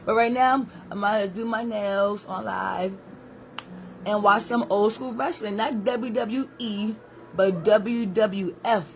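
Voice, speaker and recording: A woman's voice: medium pitch, slow, a little hiss or hum, low-quality recording. Chatty woman live-streaming at home. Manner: chatty, rambling, talks to viewers and a small child. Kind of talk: casual live-stream chat.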